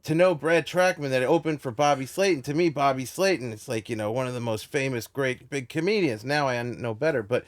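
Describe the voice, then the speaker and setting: A man's voice: medium pitch, fairly quick, hardly any pauses. A man from New York, a podcast host, telling a long rambling story full of restarts. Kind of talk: storytelling in casual chat.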